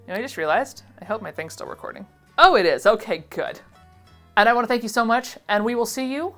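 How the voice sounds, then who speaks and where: A woman in her thirties from Ohio talks through a casual vlog, giggly and self-deprecating. Her pitch swoops up and down all the time. Faint music plays underneath. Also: lively intonation, fast talker, fairly bright tone. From Ohio, USA. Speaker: vintage pattern seller and vlogger.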